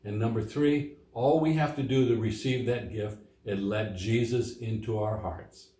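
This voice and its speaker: A man's voice: on the low side, a little slow, mellow. Guy doing a sunday school lesson for little kids, plain simple talk, bit of room echo. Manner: simple, plain explanations for kids, reads quoted lines with lifted voice. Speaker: children's Sunday school teacher. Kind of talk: children's Bible lesson, reading scripture aloud. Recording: echoey room.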